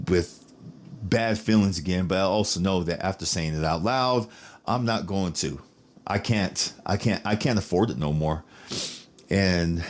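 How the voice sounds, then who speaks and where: A man in his fifties from Arizona, hosting his own podcast and telling personal stories candidly, with frequent swearing and slower reflective passages. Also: low voice. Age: 50s. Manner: candid, storytelling, swears freely, slows down when reflective. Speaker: podcast host. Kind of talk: personal monologue.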